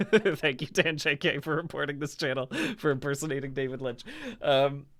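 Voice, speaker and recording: A man streaming live, chatting casually to his audience, animated and self-mocking, and often laughing. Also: mid-range voice, moderate pace.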